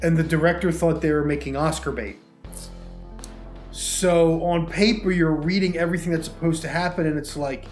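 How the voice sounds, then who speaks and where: Speaking at a normal speed with fairly even intonation, a man with a voice on the high side co-hosts a podcast. His chat about movies and games is casual, rambling and filler-heavy, recorded in an echoey room with faint music.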